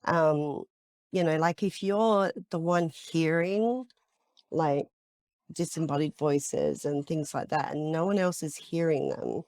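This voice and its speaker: A woman with a gravelly, low voice tells ghost stories at an unhurried pace. She talks chattily, full of fillers, as a psychic investigator on a podcast panel. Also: darkish tone, no echo, clean studio sound. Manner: chatty storytelling with many fillers. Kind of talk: casual podcast roundtable chat.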